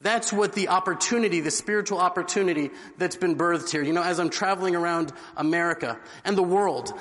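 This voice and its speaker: A man's voice: high-pitched, fairly bright tone. A man giving an inspirational religious talk, telling a story earnestly. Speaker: religious speaker. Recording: long hall reverb.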